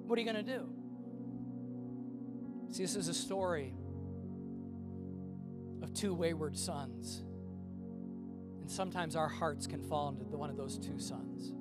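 A man with a high voice preaches a sermon to his church. He drops to quiet, low asides, then builds into loud, impassioned pleading. Clear music plays behind him the whole time. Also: measured pace, long pauses. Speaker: pastor.

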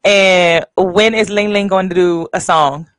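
Brief: easygoing host, mid-pitched voice, dry close sound. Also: steady tone, unhurried, fairly bright tone, no room sound, poor audio. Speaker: radio show host. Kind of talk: live show hosting.

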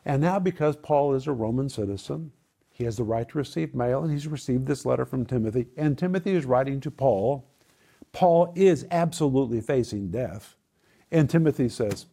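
A man preaching a sermon, addressing listeners as his friends with dramatic swings in pitch. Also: expressive, normal speed, creaky, mellow, slightly rough.

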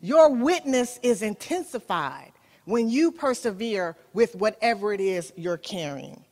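A woman's voice: medium pitch, animated, unhurried, a little mellow, big-room sound. A woman preaching a sermon, telling a story with animation and speaking straight to her listeners.

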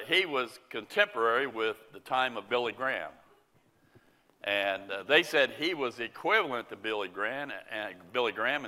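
A man preaching a sermon, slow and earnest, rising into pleading questions. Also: medium pitch, bright, forceful tone, long reverb tail. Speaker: pastor. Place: Indianapolis area.

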